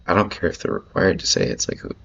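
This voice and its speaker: A man's voice: deep voice, very animated, racing, vocal fry, a bit bright, a little hiss or hum. A man ranting in rambling commentary as he reads an article aloud, swearing often and filling his talk with "like". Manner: rambling, profane, lots of "like" fillers. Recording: dull lo-fi audio.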